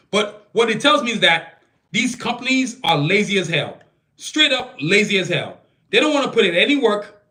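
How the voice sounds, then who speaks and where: A man hosting a solo podcast, talking casually with slang and heated, opinionated asides. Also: sits high. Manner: animated, slangy, opinionated rants. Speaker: podcast host. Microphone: phone camera.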